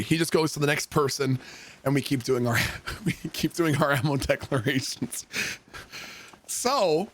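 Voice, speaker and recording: A male game streamer telling an army story and chatting with viewers in an animated, joking, profane way. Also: fairly high pitch, measured pace, pauses often. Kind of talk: casual storytelling and chat with viewers.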